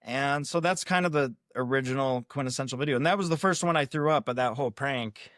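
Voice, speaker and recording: This male prank video creator, appearing as a podcast guest, talks at a quick pace in a mid-range, fairly bright voice. He rambles casually, pokes fun at himself, and performs the quoted lines of everyone in his story. The studio recording is clean and echo-free.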